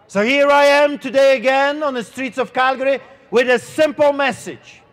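A middle-aged man with a non-native English accent, preaching an outdoor street sermon as a pastor, slow and emphatic, stretching out his words. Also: very high-pitched, fairly bright tone.

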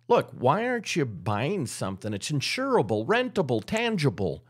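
A man's voice: medium pitch, moderate pace, few pauses, husky. A middle-aged man from Utah, talking as a guest in a casual podcast conversation and acting out the people in his stories. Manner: animated storyteller who acts out voices. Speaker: real estate guest.

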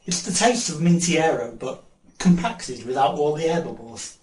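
A man's voice: fairly high pitch, lively intonation, normal speed, darkish tone. A man chatting casually through a haul video, rambling, laughing often and sometimes talking with his mouth full. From England. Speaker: vlogger. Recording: echoey room with faint noise.

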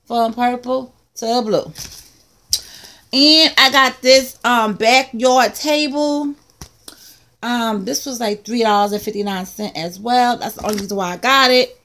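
A woman talks through her haul in a casual vlog, her voice sitting high. She takes her time, then bursts into excited exclamations and playful asides. She is close to the mic at a table. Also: measured pace. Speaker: vlogger showing a haul of craft supplies.

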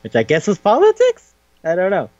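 A man co-hosting a casual podcast, retelling a manga with crude humor and quick quoted voices. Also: high voice, wildly swooping pitch, darkish tone, no room sound. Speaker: podcast co-host. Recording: dull lo-fi recording with hum.

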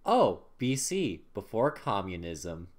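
A man's voice: on the low side, sing-song, slow pace. A man chatting on a game stream, giving short replies and dry, teasing jokes. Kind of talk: casual live gaming chat.

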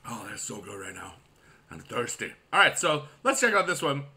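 A man in his forties, a mobile game YouTuber, chatting casually and excitably while he plays, with goofy loud shout-outs to viewers. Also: medium pitch, normal speed. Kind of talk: casual gaming commentary.

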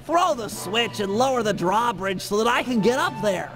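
Fussy cartoonish game turtle; very high, slow, nasal, with music behind. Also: male voice, expressive. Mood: fretting. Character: nerdy anxious male turtle genius. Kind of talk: video game cutscene voice acting.

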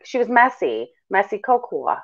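A woman's voice: medium pitch, big pitch swings, moderate pace. A woman co-hosting a casual chat who teases playfully and laughs often. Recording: dull lo-fi recording.

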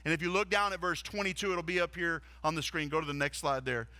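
Bright-voiced earnest man preaching. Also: fairly high pitch, steady tone, quick pace, no echo. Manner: earnest preaching with repeated rhetorical questions. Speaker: lead pastor. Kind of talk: sermon. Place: church stage.

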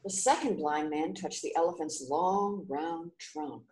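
A woman reading a children's story aloud clearly and expressively. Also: sits low, unhurried, hardly any pauses, darkish tone, roomy sound, a little hiss or hum.

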